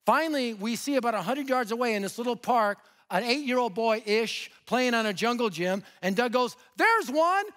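High-voiced man preaching with animated storytelling. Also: normal speed, hardly any pauses. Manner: animated, swings from loud to hushed. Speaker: guest preacher. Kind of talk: sermon storytelling.

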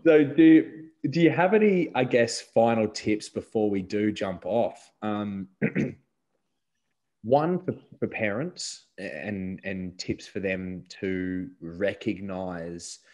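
A very deep-voiced man hosting a casual podcast chat. He tells stories in a lively, animated way and acts out bits of conversation. The talk is relaxed and unscripted. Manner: animated storytelling with acted-out quotes and swearing. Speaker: podcast host.

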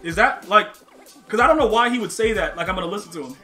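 A young man streaming a football video game, talking to his chat in loose slang and breaking into excited yelling. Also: sits high, fast, soft background music. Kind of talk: live gameplay commentary to chat.

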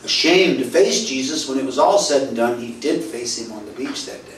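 Pastor, male, preaching sermon, animated storyteller, distant mic in roomy hall. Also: medium pitch, fairly quick, slight background noise. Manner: storytelling, acts out quoted dialogue, swings from loud to soft. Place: church hall. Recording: roomy echo, voice from far off, faint ambience.

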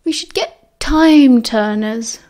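A woman's voice: high voice, normal speed, darkish tone, close to an everyday voice. A woman with a British accent voicing a sleepy, grumbling teenage schoolboy wizard who drawls his complaints. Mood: grumpy.

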